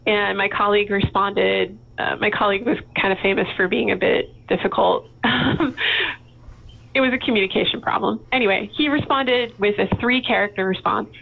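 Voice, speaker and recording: Woman, gravelly voice, candid storyteller, phone-like line. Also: mid-range voice, fairly even intonation, moderate pace. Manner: candid, storytelling, laughs often. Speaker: guest. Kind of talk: casual interview talk.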